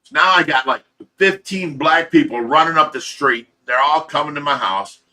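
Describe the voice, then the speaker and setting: Man, livestream host, blunt and profane rants, slightly high voice, bright edgy tone. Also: animated, moderate pace. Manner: blunt, profane storytelling with laughs; ranting, talks to chat commenters by name. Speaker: livestream host of a fish rescue channel. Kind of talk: casual livestream chat.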